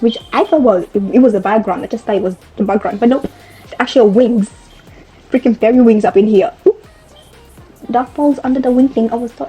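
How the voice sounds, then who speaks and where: Young woman vlogger, chatty and rambling, mellow husky voice, faint music underneath. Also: fairly high pitch. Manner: chatty, rambling, self-correcting. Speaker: fashion vlogger. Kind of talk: casual chat.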